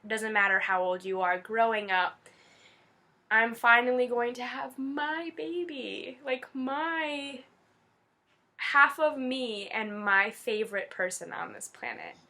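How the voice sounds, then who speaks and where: Bright-voiced emotional young woman vlogger. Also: fairly high pitch, slow. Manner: emotional, gushing, many fillers. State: teary-eyed. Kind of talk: casual chat to camera.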